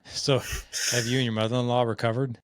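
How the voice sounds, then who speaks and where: A man's voice: medium pitch, little pitch movement, fairly quick, no room sound. A man hosting a podcast interview, conversational, often checking in with "right?". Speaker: podcast host.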